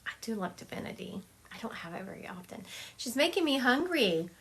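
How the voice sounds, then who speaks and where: A woman's voice: fairly high pitch, big pitch swings, brisk, a bit bright, a little hiss or hum. A woman psychic medium doing a livestream reading over a phone, chatty, laughing often and acting out what spirits say.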